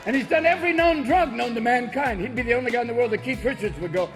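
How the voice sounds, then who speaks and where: A man doing stand-up comedy, switching rapidly between voices and shouting punchlines before a live audience. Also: sits high, big pitch swings. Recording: live stage mic with music and crowd laughter.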